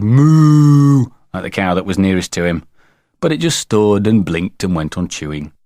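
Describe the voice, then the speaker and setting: A man narrating a children's storybook in a playful, expressive way. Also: fairly low pitch, dry recording, clean studio sound. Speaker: audiobook narrator.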